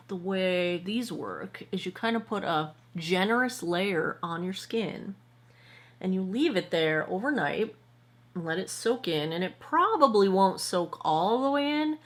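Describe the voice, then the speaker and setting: A woman in her forties with a mid-range voice gives a casual, chatty skincare product review at home, filming indoors in front of a monitor. A vlogger who also makes products, she rambles and often corrects herself mid-sentence.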